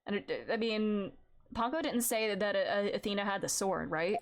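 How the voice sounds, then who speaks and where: A woman's voice: mid-range voice, expressive, normal speed. A woman streamer giving casual, rambling gameplay commentary in an amused, chatty way. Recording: loud game music behind.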